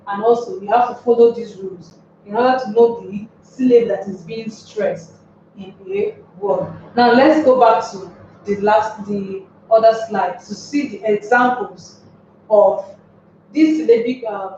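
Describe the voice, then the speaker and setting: Slow-paced woman teaching in an echoey room. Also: fairly high pitch, darkish tone, slight background noise. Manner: slow, repeats words and rhetorical questions. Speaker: English teacher. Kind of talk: recorded classroom tutorial. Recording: roomy, distant, dull recording.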